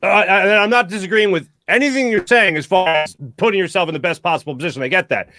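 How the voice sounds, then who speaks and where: A man hosting a postgame sports talk show, animated and rambling, often restarting his sentences. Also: sits high, fast talker, faint music behind. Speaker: host.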